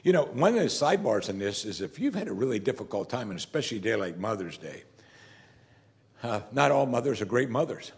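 A man's voice: mid-range voice, very animated, a little fast. A man preaching a sermon as pastor, talking in a conversational, emphatic way and often saying "you see".

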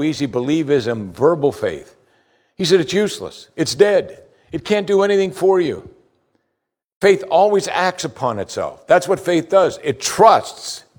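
A man preaching a sermon with emphatic delivery, swinging between loud stress and quiet asides. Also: medium pitch. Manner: emphatic preaching, rising and falling in volume. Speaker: pastor.

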